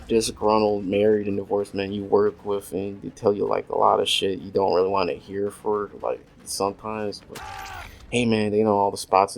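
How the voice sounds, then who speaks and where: Gaming at home, a man rambles casually through a crude story packed with swearing and filler words. His voice is lowish, creaky and somewhat dark, and the poor audio comes from a desk USB microphone with faint noise and mouse clicks behind it.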